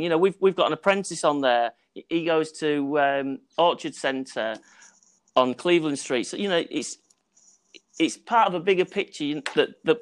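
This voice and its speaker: A man from Hull guesting on a podcast as a roadworks contractor, earnest, stopping and restarting often. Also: a little high. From Hull, England. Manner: earnest, halting, many restarts. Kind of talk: casual interview.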